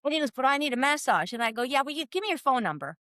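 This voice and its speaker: Bright, animated older woman storyteller. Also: high-pitched, racing, no room sound, studio quality. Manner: animated storyteller, acts out quoted voices, laughs often. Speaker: guest, former team soigneur. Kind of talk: casual storytelling in a podcast interview.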